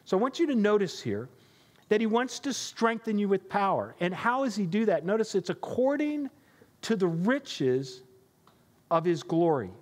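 A pastor giving a sermon in an emphatic, conversational preaching manner. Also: male voice, high voice, very animated, normal speed, in a large hall.

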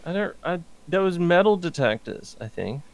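A man's voice: high voice, big pitch swings, moderate pace, no room sound. Profane man telling a story. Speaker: podcast co-host. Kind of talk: casual chat.

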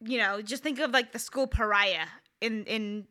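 A woman in her thirties chatting casually as a podcast co-host, with a bright, crisp, slightly high voice. She tells her stories in a candid, wry, self-deprecating way. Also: moderate pace. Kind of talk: casual chat.

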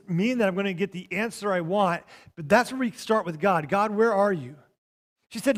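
A man preaching a sermon, emphatic and repetitive, dropping to a softer tone for quoted scripture. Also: high-pitched, fairly quick. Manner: emphatic, repeats phrases, drops to soft tones for quotes. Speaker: pastor.

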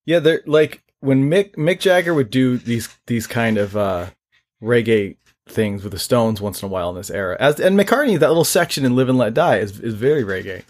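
A man's voice: mid-range voice, lively intonation, a little mellow. Laid-back storytelling podcast man. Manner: laid-back anecdotal storyteller with halting restarts. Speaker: podcast co-host. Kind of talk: casual storytelling chat.

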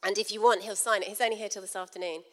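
A woman's voice: mid-range voice, steady tone, very fast, big-room sound. A middle-aged woman, giving a humorous, self-deprecating storytelling talk to a conference crowd and laughing often. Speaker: conference speaker.

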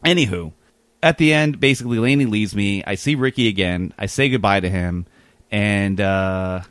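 A man's voice: lowish voice, moderate pace, clean tone, no echo. Man, rambling storyteller, casual chat, dry close sound. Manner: rambling, animated, many fillers. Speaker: guest telling a story.

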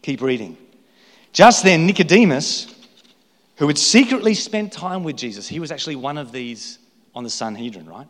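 Lively pastor guy preaching, pitch all over the place, big echoey church sound. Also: moderate pace. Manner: animated, emphatic, asks rhetorical questions. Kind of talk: sermon. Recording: long hall reverb.

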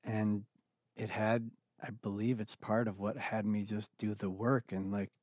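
Middle-aged man, low-voiced guest sharing candidly, halting and earnest, dry close sound. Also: little pitch movement, a little mellow, dry recording. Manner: earnest, reflective, halting with many restarts. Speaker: interview guest. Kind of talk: candid personal conversation.

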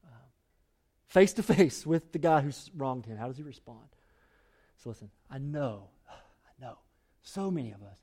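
A man's voice: medium pitch, warm tone. A male pastor preaching a sermon in an emphatic, conversational way, often cutting in with "listen".

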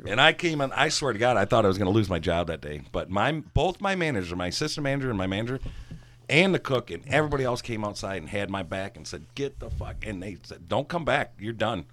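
A middle-aged man spins a rambling, profane story in easygoing chat. His voice sits on the low side, and he gets animated and loud as he retells it. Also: quick pace. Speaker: guest storyteller, former bartender.

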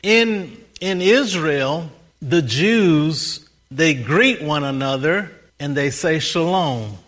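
A male pastor delivers a sermon in a bright, forceful voice that sits a little high for a man. He stacks rhythmic repeated phrases and slows right down to lean on key words. Between points he tells lively stories and chuckles at them. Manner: rhythmic repetition, slows for emphasis, laughs at own stories.

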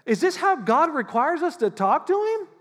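A man preaching a sermon as pastor, animated and conversational, often acting out how people pray. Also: very high-pitched, moderate pace, long reverb tail. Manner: animated, acts out prayers in mock voices.

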